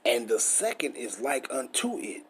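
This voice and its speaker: A man's voice: medium pitch, sing-song, unhurried, a bit bright, slight background noise. A man teaching scripture in a preachy, emphatic way, full of rhetorical questions and swearing. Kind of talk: street-style scripture teaching.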